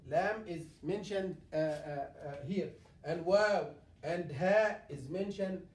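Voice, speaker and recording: A male imam with a high voice runs a tajweed lesson on Quran recitation inside a mosque classroom. He speaks in a halting way with many fillers, repeating things and reciting examples, heard through a far-off mic in an echoey space.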